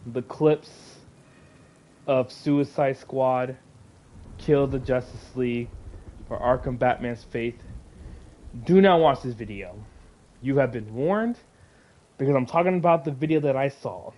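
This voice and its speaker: A man's voice: medium pitch, slow, pauses often, darkish tone. A man hosting his own gaming and comics channel, ranting angrily to camera, swearing, sighing often and dropping to mutters between outbursts. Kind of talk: angry profane rant to camera.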